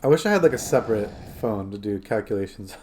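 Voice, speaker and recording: A man's voice: lowish voice, animated, fast talker, a little mellow, slight background noise. A man streaming a game, chatting casually and rambling to his viewers. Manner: rambling, chatty, talking to chat and his phone. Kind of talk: casual live-stream chat.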